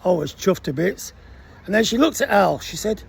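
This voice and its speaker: This man in his sixties, a military veteran, animatedly recounts a casual anecdote and performs the voices of its characters. He talks fairly quickly in a slightly high voice that is gravelly and husky.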